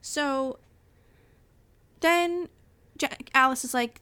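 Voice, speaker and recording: A woman's voice: fairly high pitch, a little slow. A woman co-hosting a podcast, chatting casually as she recaps a film scene by scene and acts out the characters' lines. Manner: animated storytelling with acted-out quotes and laughter. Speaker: podcast co-host.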